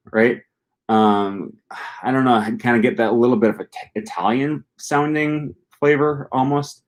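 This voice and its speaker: A man's voice: mid-range voice, a little slow. A young man from Wisconsin with a Midwest American accent, chatting casually on a live stream and reading out viewer questions, rambling with many ums and restarts. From Wisconsin, USA. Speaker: language-learning channel host.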